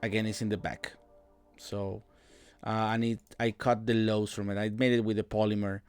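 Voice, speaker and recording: In a casual screen-recorded walkthrough, a relaxed, low-voiced man explains music production as a tutorial host. He speaks haltingly with lots of fillers and restarts.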